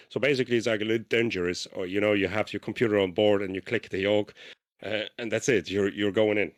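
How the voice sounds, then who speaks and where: Male podcast co-host, lowish voice, casual reader who stumbles and restarts. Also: fairly even intonation. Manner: reads haltingly with restarts, breaks off to comment. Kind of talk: casual podcast chat, reading a diary aloud.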